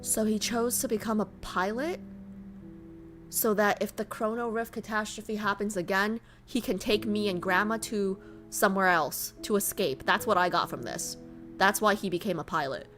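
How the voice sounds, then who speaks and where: A woman's voice: mid-range voice, steady tone, moderate pace, a bit bright, faint music behind. A woman streamer chatting playfully with her viewers and reading a game story aloud. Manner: chatty and playful, teasing herself and her chat.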